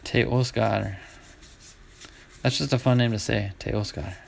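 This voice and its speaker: A man's voice: fairly low pitch, steady tone, takes it slowly, vocal fry, slight background noise. A middle-aged man hosting a live baseball card break, chatting casually with his viewers as he sorts cards. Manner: chatty, talks to chat viewers while sorting cards.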